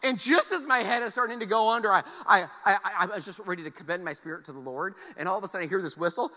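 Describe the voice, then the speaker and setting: A man preaching a sermon, telling a personal story with animated, loud exclamations and soft, earnest appeals. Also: high voice, rapid-fire. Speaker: pastor. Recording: long hall reverb.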